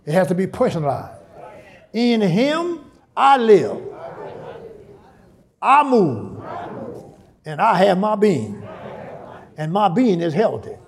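Lively high-pitched male preacher shouting. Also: measured pace, long pauses. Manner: call-and-response preaching, rising to shouts; repeats phrases for emphasis. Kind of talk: sermon. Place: church.

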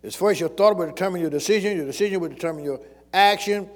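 High-voiced preacher in a reverberant hall. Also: male voice, fast. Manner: preaching, calls to the congregation and repeats phrases. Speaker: pastor. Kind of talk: sermon.

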